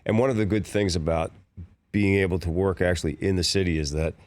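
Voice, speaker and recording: A man in his sixties from Philadelphia, an actor guest telling rambling, relaxed stories on a talk show. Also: deep voice, fast talker, no echo. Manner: relaxed, rambling storyteller with restarts and laughs. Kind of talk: casual interview chat.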